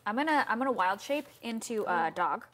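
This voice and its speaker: A woman playing a character in a casual tabletop role-playing session, with quick laughing asides. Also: fairly high pitch, animated, a bit bright. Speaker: player.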